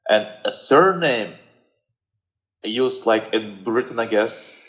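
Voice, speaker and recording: A man's voice: on the low side, animated, slow, fairly bright tone, low-quality recording. A man with a Russian accent, a guest in a casual chat, who hesitates and searches for English words.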